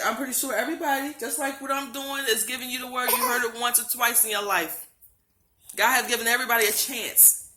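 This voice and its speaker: In an echoey room, a woman with a fairly high, bright and forceful voice recounts a religious dream for her vlog audience. Her heart is racing and she is on the verge of tears. She pleads earnestly, says things again and again, and often starts over.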